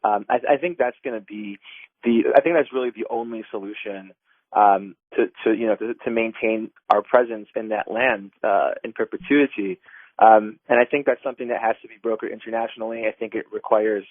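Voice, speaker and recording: A man's voice: fairly low pitch, steady tone, fairly quick, dry recording. A man giving a radio interview by phone as an advocacy group director, earnest and full of fillers and restarts. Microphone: telephone. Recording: tinny phone line.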